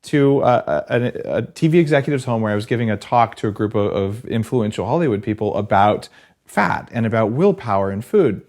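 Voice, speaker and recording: A man hosting a podcast interview, introducing his guest and telling stories in a quick, excited way. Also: lowish voice. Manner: excited, storytelling, quick asides. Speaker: podcast host. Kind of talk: casual interview chat.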